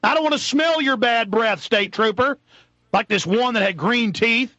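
A man hosting a radio talk show, delivering a heated, angry political rant that builds into shouting. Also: very high voice, dry recording, muffled recording. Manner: fast, angry, rising to shouts. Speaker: radio host.

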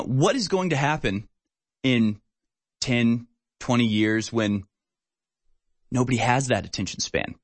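A man's voice: medium pitch, no echo. A man hosting a talk show, rambling and sarcastic with many fillers. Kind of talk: casual opinion talk.

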